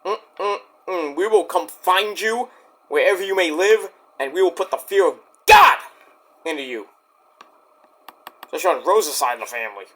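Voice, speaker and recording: A man recapping a wrestling show in a casual, excitable rant, swearing often. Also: high-pitched, moderate pace, long pauses. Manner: excitable, profane, storytelling rant.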